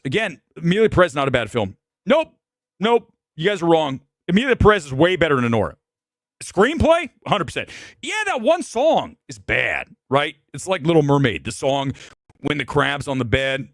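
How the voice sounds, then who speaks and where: A man hosting a live movie talk show, giving blunt and opinionated takes on awards picks, jumping between loud outbursts and low muttered asides. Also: dry recording, studio quality. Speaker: film talk show host. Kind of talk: live movie review chat.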